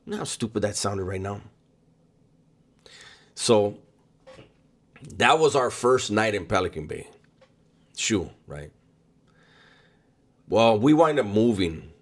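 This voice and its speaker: Man with a low voice telling a story. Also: expressive. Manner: halting, with frequent ums and repeated words. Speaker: storyteller recounting prison experiences. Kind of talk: casual spoken storytelling.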